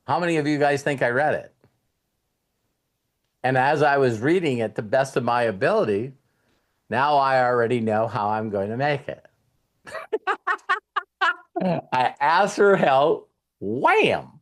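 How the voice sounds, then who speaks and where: A middle-aged man speaks in the loose, personal way of a motivational coach. He recounts his own past and voices what he said back then, with restarts and asides to his listeners. His pitch sits in an ordinary middle range for a man. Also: expressive, unhurried, long pauses. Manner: storytelling, acts out his younger self in quotes. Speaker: host and life coach. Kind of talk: casual motivational talk.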